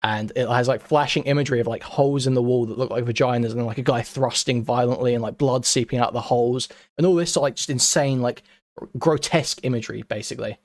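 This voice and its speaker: A man speaks as a guest in a casual call. He is earnest and often hesitates and restarts. His voice is mid-pitched and recorded close and dry. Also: fairly even intonation, fast, no echo. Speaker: guest commentator.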